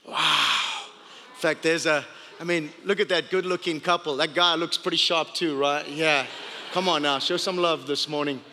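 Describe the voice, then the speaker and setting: Male pastor, high and bright voice, lively playful storyteller, big hall echo. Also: moderate pace. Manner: animated, playful storytelling with laughs. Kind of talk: storytelling sermon. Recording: long hall reverb.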